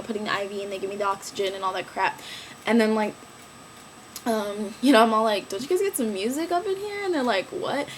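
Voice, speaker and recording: A young woman telling a story in a casual vlog, animated and slangy, acting out quoted lines in a raised voice. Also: mid-range voice, slight background noise, low-quality recording. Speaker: vlogger.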